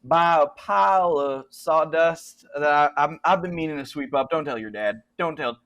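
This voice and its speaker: A man puts on a young Southern workshop hand with a high, bright folksy drawl. He sounds eager and rambling. The voice sits well above his usual pitch and comes out loud. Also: normal speed, lo-fi sound. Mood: sheepish. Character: cheerful young Southern man, shop worker.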